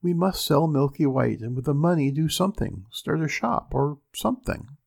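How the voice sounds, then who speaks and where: A man voicing an anxious poor widow in a storybook reading, fretful and pleading, with a husky voice. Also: fairly high pitch, expressive, moderate pace, a little mellow, exaggerated voice.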